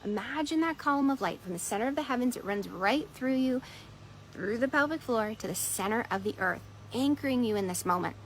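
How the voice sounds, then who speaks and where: A woman coach telling a parable and guiding listeners through a centering exercise at an unhurried storytelling pace. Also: fairly high pitch, animated, a little hiss or hum, low-quality recording. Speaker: productivity and meditation coach. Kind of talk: storytelling talk on mindfulness.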